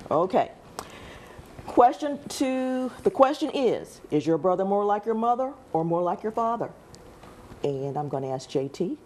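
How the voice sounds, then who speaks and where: A woman's voice: medium pitch, sing-song, a little slow, a little mellow. A woman hosting a family game show on local television, upbeat and chatty with frequent laughter.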